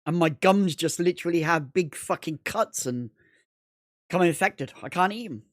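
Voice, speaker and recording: A man's voice: on the high side, animated, normal speed, no room sound. Bloke rambling on his game stream, swears every other word, repeats himself, dry close mic. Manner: rambling, repetitive, heavy swearing. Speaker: gaming livestreamer. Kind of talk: casual gaming livestream chat.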